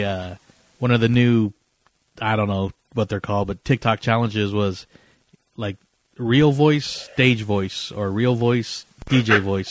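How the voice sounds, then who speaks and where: A man's voice: fairly low pitch, no echo. Rambling, laughing podcast co-host man. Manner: rambling, laughs often, many fillers. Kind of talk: casual podcast chat.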